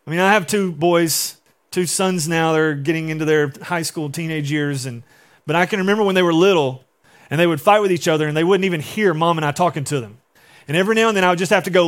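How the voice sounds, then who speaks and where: A man in his forties preaching a sermon, telling the story in an animated way and acting out the people he quotes. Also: high voice, fairly quick. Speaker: pastor.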